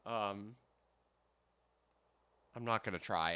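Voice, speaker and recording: A man's voice: on the low side, unhurried, pushed and bright, smooth. A man casually commenting on a game he is playing on stream, joking and swearing freely. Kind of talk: casual let's-play commentary.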